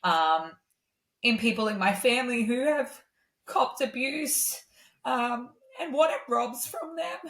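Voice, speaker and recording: A woman's voice: a little high, takes it slowly, a bit bright. A woman, a guest singer-songwriter talking candidly in a casual conversation, telling her stories in an earnest way. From Australia. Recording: roomy echo.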